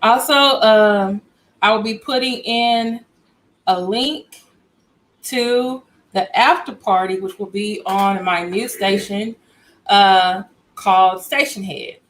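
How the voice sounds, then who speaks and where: A woman's voice: mid-range voice, slow, low-quality recording. A woman hosting a casual livestream from home, chatty and greeting viewers by name as they join. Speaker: livestream host.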